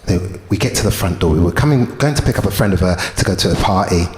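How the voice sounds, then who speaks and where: A man's voice: low voice, quick pace. A man in his fifties performing a stand-up comedy set, telling stories with put-on voices. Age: 50s. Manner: animated storytelling with put-on voices. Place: comedy club stage. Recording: echoey club room with crowd noise.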